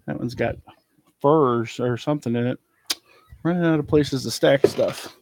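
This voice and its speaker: Man, casual reseller chat, rambling, mid-pitch voice, cluttered room. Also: moderate pace, darkish tone, no echo. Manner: chatty, rambling, trails off with ums. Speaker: eBay reseller showing a haul. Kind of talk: casual live haul chat. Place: cluttered storage room indoors.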